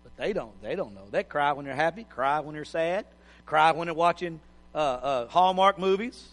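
A man's voice: on the high side, expressive, normal speed, fairly bright tone. A middle-aged man preaching a sermon in a folksy, joking, plain-spoken way. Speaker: pastor. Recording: hall reverb.

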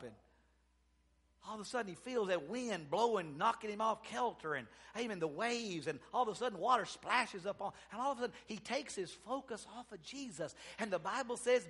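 A man preaching a sermon, swinging between loud exclamations and hushed, drawn-out storytelling. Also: sits high, expressive, breathy edge.

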